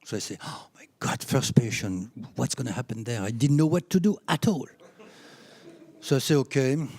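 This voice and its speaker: A man in his seventies from France with a French accent, telling anecdotes from his career as a chiropractor in a lively, laughing way. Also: mid-range voice, dry recording. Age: 70s. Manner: animated anecdotes with laughs, rising when excited. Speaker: chiropractor speaking at a conference. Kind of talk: storytelling talk.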